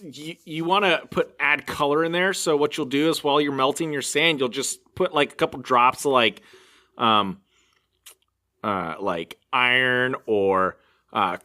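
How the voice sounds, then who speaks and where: Bright-voiced rambling man co-host. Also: mid-range voice. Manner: rambling, filler-heavy, defensive banter. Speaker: podcast co-host. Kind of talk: casual comedic chat.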